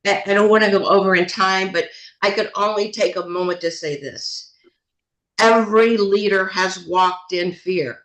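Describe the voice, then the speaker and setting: A woman's voice: mid-range voice, moderate pace, rough recording. A woman leading a team video call, speaking emphatically and repeating her points to motivate. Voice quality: animated, emphatic, repeats phrases. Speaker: team leader hosting a call.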